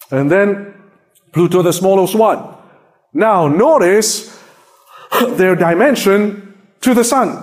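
High-voiced, slow, emphatic male preacher. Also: breathy edge. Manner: emphatic, asks the congregation many rhetorical questions; swings between loud exclaiming and hushed low tones. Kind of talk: sermon with slides.

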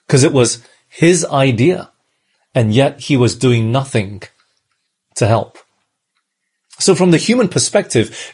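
A man's voice: medium pitch, darkish tone, husky. A man preaching a sermon, earnest and repetitive, often putting rhetorical questions to his listeners. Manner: earnest, repeats phrases, asks the congregation rhetorical questions.

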